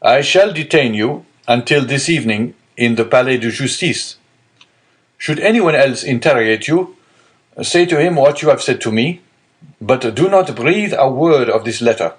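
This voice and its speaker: A man voicing an agitated young male prosecutor who gives urgent, forceful orders. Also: medium pitch, expressive, moderate pace, voice pushed up, lightly acted.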